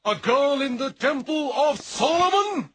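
A high, slow, emphatic voice of a rigid temple priest, insisting on every word. It is dubbed film acting. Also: male voice, animated, fairly bright tone, soft background music, full character voice. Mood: insistent.

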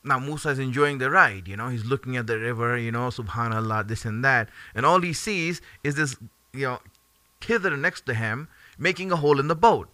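A man teaching a religious lesson in an animated, conversational way, often dropping in fillers between his points. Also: mid-range voice, brisk, dry recording. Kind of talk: storytelling sermon.

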